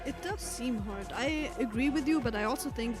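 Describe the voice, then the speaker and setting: A man's voice: very high voice, normal speed, over loud music. A man giving casual livestream commentary, chatting with his co-host and trading questions. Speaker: esports co-commentator.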